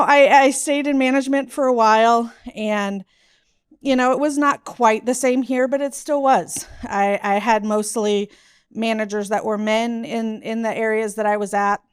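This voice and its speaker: A woman's voice: on the high side, steady tone, unhurried, clean tone. A woman in her forties giving a chatty, self-deprecating conference talk about her career. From Southern US. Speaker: conference speaker.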